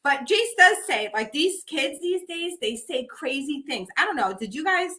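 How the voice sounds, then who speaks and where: A middle-aged woman co-hosting a podcast, telling a story in casual chat and acting out the quotes with big jumps in pitch. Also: sing-song, moderate pace, bright, forceful tone. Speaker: podcast co-host.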